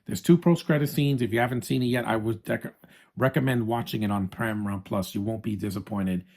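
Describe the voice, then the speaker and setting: A man's voice: lowish voice, a little fast, a little mellow. Chatty, opinionated man reviewing a movie. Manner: chatty, opinionated, frequent restarts, addresses viewers as guys.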